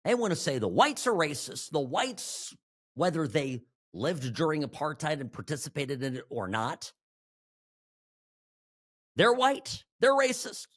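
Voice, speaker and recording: A male talk show host from Southern California delivers a political monologue in a husky voice. His pitch swings widely as he presses his points emphatically, often restarting sentences and breaking into quick asides. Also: sing-song.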